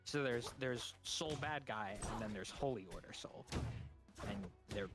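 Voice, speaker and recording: A man's voice: mid-range voice, unhurried, loud music behind the voice. A man co-hosting a game stream in casual chat, nerdily explaining game lore at length with small chuckles.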